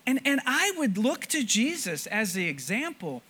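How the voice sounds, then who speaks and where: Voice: mid-range voice, normal speed, slightly rough. A preacher giving a sermon to a congregation, asking them questions and often repeating words as thoughts restart. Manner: animated, stammering restarts, rhetorical questions to the congregation. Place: church before a congregation.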